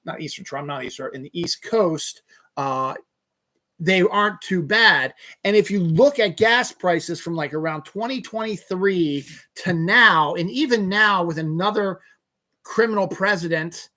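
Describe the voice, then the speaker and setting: A man hosting a solo podcast, ranting angrily with heavy swearing and sudden bursts of yelling. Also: sits high, a little slow. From Eastern United States. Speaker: podcast host. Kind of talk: solo rant.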